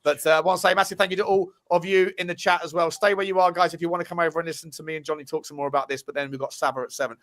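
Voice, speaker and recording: A man hosts a football fan live stream in a casual, chatty way. He talks fast with a bright, forceful edge and a slightly high voice. He swears and shouts out viewers as he reads their messages. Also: steady tone. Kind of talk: casual live-stream chat, reading out super chats.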